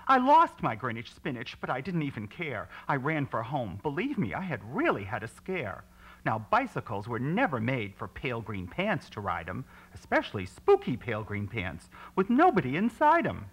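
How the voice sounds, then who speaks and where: Husky man reading a children's story. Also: mid-range voice. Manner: dramatic, swings from hushed to shrieking.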